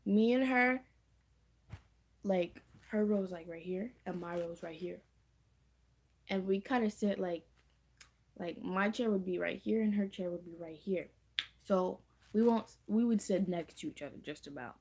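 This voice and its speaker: A woman's voice: on the low side, moderate pace, long pauses. A teenage girl telling a storytime to camera in a chatty, slangy way, repeating her phrases. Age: teens. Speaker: storytime vlogger. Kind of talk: casual storytime vlog.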